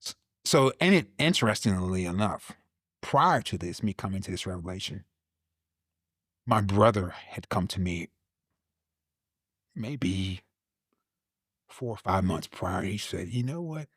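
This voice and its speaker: A man's voice: low voice, a little slow, long pauses, breathy edge, dry recording. Man telling a story, dry voice. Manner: animated storyteller who repeats words and plays out his own past lines. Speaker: guest, Army veteran. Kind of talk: testimony in a casual conversation.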